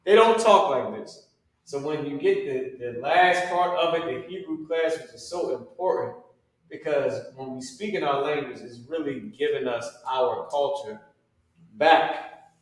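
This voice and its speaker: A man's voice: on the high side, a little slow, heavy reverb, far from the mic, low-quality recording. A man teaching a religious language class, talking casually with slang and frequent restarts.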